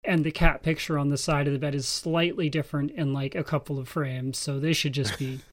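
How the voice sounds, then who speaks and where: A man's voice: on the high side, level tone, a little fast. A married man on a podcast, rambling enthusiastically and jokingly about a favorite film. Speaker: podcast co-host. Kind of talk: casual film discussion.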